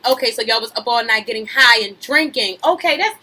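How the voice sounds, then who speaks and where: A woman's voice: on the high side, expressive, a little fast, bright, forceful tone, a little hiss or hum, low-quality recording. A young adult woman hosting a podcast, reading celebrity news aloud and riffing on it animatedly, cutting in on herself with repeated "wait a minute"s and slang. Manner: reads news aloud then riffs with slang and laughter. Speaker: podcast host. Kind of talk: gossip commentary.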